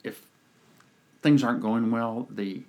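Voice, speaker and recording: A man's voice: medium pitch, takes it slowly. A man on a podcast, a communication coach telling stories in a casual chat and acting out the people he quotes. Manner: animated storyteller, acts out quoted people.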